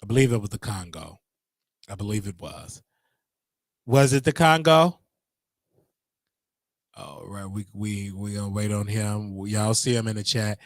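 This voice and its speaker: A man's voice: fairly low pitch, a little slow, pauses often, no echo, clean studio sound. A man hosting a casual livestream, talking to his chat in a rambling, repetitive way with preacher-like call-outs. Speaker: livestream host.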